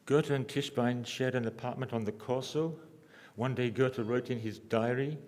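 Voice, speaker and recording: A man lecturing at a symposium, speaking at a middling pitch in a halting way, restarting phrases and slipping in dry asides. His voice carries the long reverb of a lecture hall. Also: fairly even intonation, darkish tone, slight background noise. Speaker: lecturer, architect.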